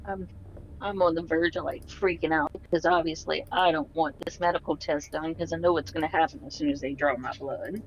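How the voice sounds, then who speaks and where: A player at a tabletop game speaks casually and partly in character, at a middle pitch. The recording sounds slightly dull and carries a faint hiss. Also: steady tone, a little fast.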